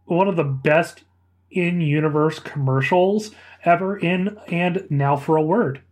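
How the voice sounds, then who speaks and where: A man's voice: fairly high pitch, a little mellow. Rambling, laughing male podcast co-host. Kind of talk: casual chat.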